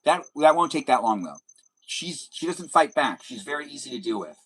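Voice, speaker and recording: A man's voice: mid-range voice, big pitch swings, moderate pace, a crowd in the background, rough recording. A young man hosting a casual livestream, rambling and joking as he quizzes his guests. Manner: rambling, jokey, asks guests questions. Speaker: livestream host.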